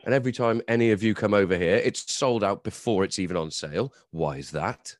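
A man's voice: fairly low pitch, brisk, dry recording, studio quality. A man co-hosting a podcast, chatting casually in a jokey, sweary way. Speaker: podcast co-host.

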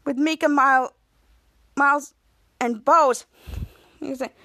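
High-voiced woman animatedly recapping a show. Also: unhurried, pauses often. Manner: animated retelling, acting out characters' lines with gasps. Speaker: podcast host recapping a TV episode. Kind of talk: casual episode recap.

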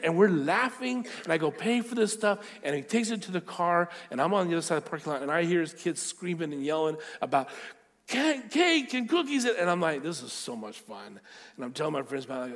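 Animated male preacher in a reverberant hall. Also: fairly high pitch. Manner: animated storyteller, acting out quotes. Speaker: pastor. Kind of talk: storytelling sermon.

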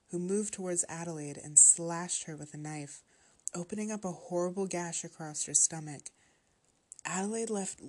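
With a low, husky voice, a woman tells a horror story in a steady, unhurried manner, keeping the narration even and calm.

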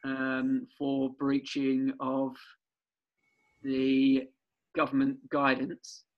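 A man's voice: medium pitch, monotone, drawn-out words, muffled recording. A man co-hosting a podcast, chatting loosely, laughing and swearing as he plans prank calls. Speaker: podcast co-host. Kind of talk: casual podcast banter.

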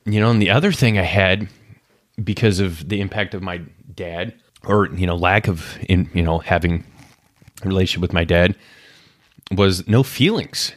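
A man in his thirties speaks candidly in a reflective personal monologue, searching his past out loud. His voice sits a little low. The sound is dry and close, with no room around it. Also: normal speed, dry recording. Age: 30s. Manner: candid, self-searching, acts out inner voices. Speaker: podcast host.

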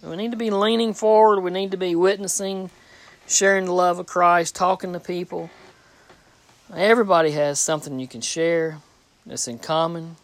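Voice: medium pitch, fairly even intonation, moderate pace, no room sound. A preacher giving a plain-spoken, folksy sermon, reading scripture aloud and repeating phrases for emphasis.

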